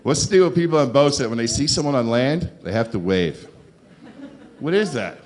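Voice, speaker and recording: A man doing a stand-up comedy set on a club stage, sarcastic with deadpan asides and talk to the crowd. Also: mid-range voice, moderate pace.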